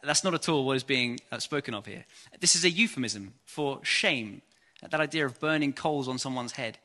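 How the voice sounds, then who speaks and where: An English preacher with a bright, forward voice delivers an evening sermon in an earnest, measured way. He reads scripture passages aloud and speaks at a middling pitch.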